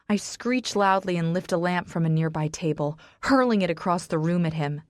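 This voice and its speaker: A woman narrating an audiobook in the first person, reading dramatically and with strong emotion, pushing into shouts in the dialogue. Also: fairly low pitch, fairly even intonation, normal speed, no room sound, clean studio sound.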